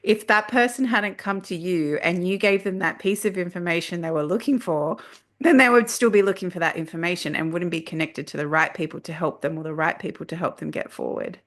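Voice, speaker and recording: A woman speaks as a podcast guest. Her voice sits a little low. She tells her story with energy and plays out her own past lines as she goes. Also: brisk, fairly bright tone. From Australia. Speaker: guest, leadership coach. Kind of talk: casual podcast conversation.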